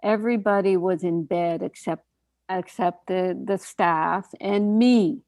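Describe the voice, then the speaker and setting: A woman's voice: fairly low pitch, slow, darkish tone, dry recording. An older woman, a doctor hosting a radio talk show, telling stories in a chatty way with frequent laughs. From Canada. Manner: chatty storytelling, laughs often. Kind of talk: casual radio chat.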